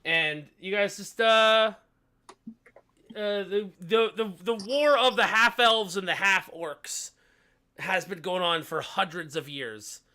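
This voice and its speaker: A man narrating a tabletop game as game master, halting with frequent fillers and restarts. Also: high voice, sharp tone.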